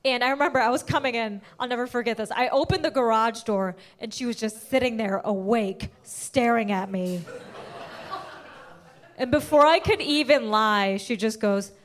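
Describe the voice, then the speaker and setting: High, animated woman doing stand-up. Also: moderate pace. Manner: animated storytelling, jumping to shrieking high pitch for punchlines. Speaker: stand-up comedian. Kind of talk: stand-up comedy set. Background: audience laughter.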